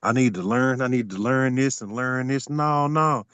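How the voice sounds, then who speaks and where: A man's voice: mid-range voice, steady tone, normal speed, a bit bright, clear, resonant tone, no echo. A man teaching a group on a video call, emphatic and repetitive, talking straight to his listeners. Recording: dull lo-fi video call audio.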